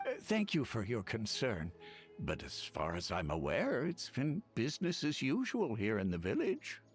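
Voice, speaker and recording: A man's voice: medium pitch, huge pitch swings, normal speed, breathy edge, faint music behind. A man voicing a polite, forgetful old village grandfather in a video game, courteous and hesitant. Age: older.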